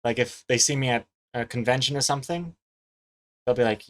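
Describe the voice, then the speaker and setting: Drawing on a live stream, this young New Zealander talks casually, reading chat out loud and laughing readily; he's a webcomic artist whose mixed accent sounds slightly American. His voice is medium-pitched and a little fast.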